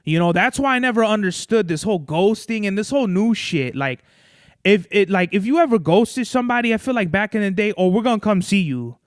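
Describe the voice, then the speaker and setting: A young man rambles through a casual podcast chat, swearing freely and calling the listener bro. His voice sits fairly high and comes across smooth and clear. It is recorded close and dry, with no room sound. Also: expressive, a little fast, no echo. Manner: loose, profane, rambling, says bro. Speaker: podcast host.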